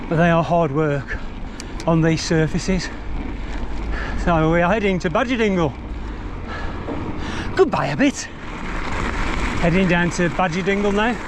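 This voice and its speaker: A man rambling cheerfully through a ride review out on countryside trails, meandering and self-deprecating. His voice sits slightly higher than most men's. A faint outdoor hum sits behind him. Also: a little slow, pauses often. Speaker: vlogger reviewing a mountain bike.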